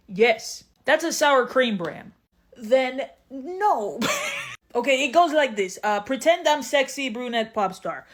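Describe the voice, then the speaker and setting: A woman comedian performing sketches and stand-up with dry, deadpan comebacks. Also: fairly high pitch, a little slow.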